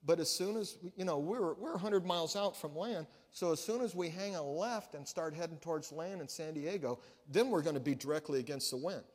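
A man's voice: on the high side, fairly quick, hardly any pauses, darkish tone, husky. A male pastor giving a sermon, telling a story in a conversational way with frequent restarts. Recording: long reverb of a large hall.

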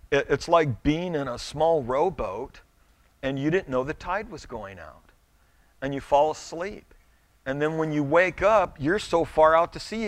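In a dry recording, a middle-aged male pastor with a slightly high voice delivers a conversational sermon. He trips over restarts and performs small quoted lines.

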